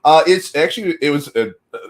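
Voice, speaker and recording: A man's voice: a little high, lively intonation, fast talker. A middle-aged man chatting casually as a guest, rambling with lots of fillers and laughing at himself often. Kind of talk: casual chat.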